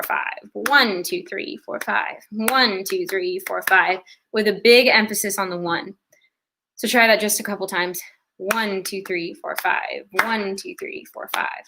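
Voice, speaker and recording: A woman's voice: mid-range voice, bright, forceful tone, slight background noise. A young woman giving an online fiddle lesson, explaining ornaments step by step and counting beats aloud. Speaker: fiddle teacher. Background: fiddle playing.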